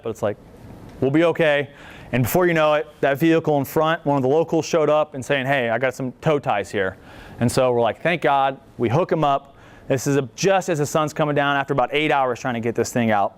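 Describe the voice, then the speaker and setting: Smooth-voiced man telling a story. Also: medium pitch. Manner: casual, joking storyteller, acts out quotes. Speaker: veteran speaker at a library talk. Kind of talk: storytelling presentation.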